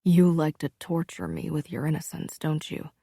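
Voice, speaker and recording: A woman voicing a low, commanding young man. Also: little pitch movement, moderate pace, creaky, slightly rough, no echo, studio quality, full character voice. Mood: low intimate. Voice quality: low, hushed voice.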